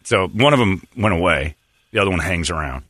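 Low-voiced rambling radio host. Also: male voice, expressive, a little fast, sharp tone, no room sound, studio quality. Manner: rambling storyteller, laughs often, acts out quotes. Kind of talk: casual talk radio banter.

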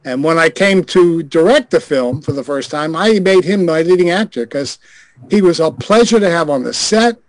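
Older man, slightly high voice, dry close sound, frank wry anecdote. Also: lively intonation, normal speed, no echo, poor audio. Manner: frank, wry storytelling with chuckles. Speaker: guest, former adult film director. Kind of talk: anecdote in a group video call.

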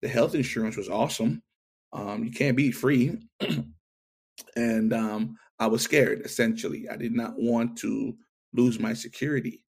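Speaking unhurriedly with vocal fry and a breathy edge, a middle-aged man tells his testimony in an interview. His voice is medium-pitched, and he animatedly acts out what the people in his story said.

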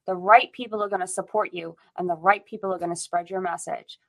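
A woman's voice: lowish voice, fairly even intonation, a little fast, gravelly, a bit bright, low-quality recording. Fierce, swearing American woman ranting. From United States. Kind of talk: impassioned rant in casual chat.

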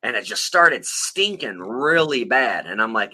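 A man's voice: medium pitch, very animated, measured pace, sharp tone, husky. A man co-hosting a podcast, telling a long rambling story full of profanity in casual chat. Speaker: podcast co-host.

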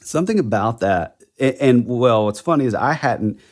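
A man's voice: mid-range voice, lively intonation, normal speed. A man co-hosting a podcast in casual chat, rambling and correcting himself as he tells a ghost legend. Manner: rambling, self-correcting storyteller. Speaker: podcast co-host.

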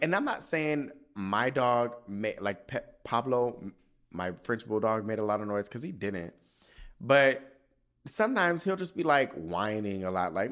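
A man hosting a casual solo podcast, ranting in an animated, profane way and acting out his own quoted asides. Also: medium pitch. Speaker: podcast host.

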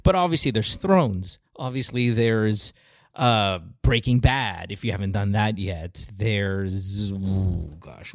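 A man hosting a radio show, chatting in a lively, excitable way and laughing often. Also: lowish voice, takes it slowly, dry recording, clean studio sound. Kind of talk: casual chat.

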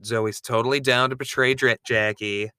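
A man's voice: medium pitch, steady tone, moderate pace, bright, forceful tone, clean tone, no room sound, clean studio sound. A man co-hosting a podcast in casual chat, frank and crudely joking as he recaps episodes. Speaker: podcast co-host recapping a reality show.

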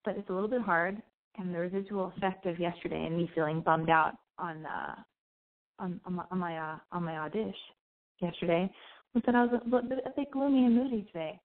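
A woman's voice: on the low side, fairly even intonation, brisk. A woman hosting a call-in radio show, talking candidly and rambling with swearing and self-analysis. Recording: phone-like narrow sound.

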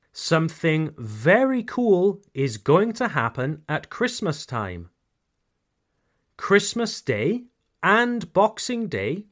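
A man hosting a podcast lesson, speaking clearly, repeating key phrases and addressing his listeners directly. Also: on the high side. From United Kingdom. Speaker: English teacher, podcast host.

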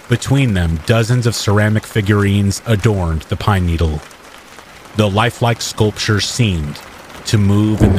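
A man narrating a horror story in the first person, in a measured and dramatic manner. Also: on the low side, background noise. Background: rain.

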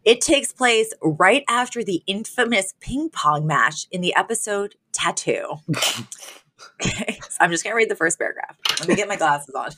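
A woman's voice: mid-range voice, lively intonation, moderate pace, pushed and bright, a little hiss or hum. Giggly woman podcast co-host. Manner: laughs through her jokes. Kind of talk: casual chat and reading aloud.

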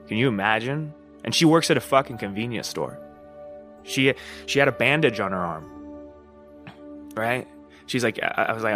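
Bright-voiced man, candid rambling monologue. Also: on the low side, animated, moderate pace, soft background music. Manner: candid, profane, rambling with frequent "you know what I mean?". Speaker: podcast host. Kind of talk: casual monologue.

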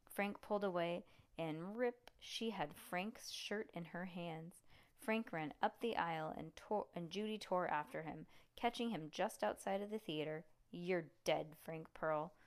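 A woman reading a storybook aloud to a child in a lively, expressive way. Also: on the low side, measured pace.

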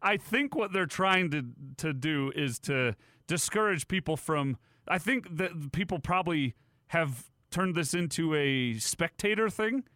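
A man's voice: a little high, animated, measured pace, bright, forceful tone, no echo, studio quality. A man hosting a sports talk radio show, chatty and laughing often as he takes calls. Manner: chatty, laughs often, reads phone number.

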